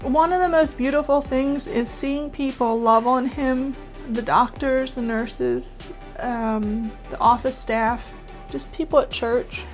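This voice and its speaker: A middle-aged woman sits in her home studio and speaks openly to her viewers, her voice set a little high. She talks in an earnest, halting way, stumbling and restarting, close to tears at times. Faint music plays under her voice. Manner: earnest, halting, with many restarts and soft laughs. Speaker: art YouTuber and children's author. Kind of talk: heartfelt personal vlog talk. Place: home studio with painting behind.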